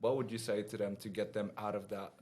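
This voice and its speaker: Man, podcast co-host, casual chat, asks questions, lowish voice. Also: level tone, fairly quick, darkish tone. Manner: asks questions, steers conversation.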